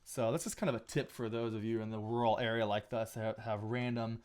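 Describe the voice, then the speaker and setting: A man's voice: on the low side, fairly even intonation, brisk, darkish tone. A man talking casually on a live stream while he edits photos, thinking aloud with frequent restarts and small asides. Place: home photo studio.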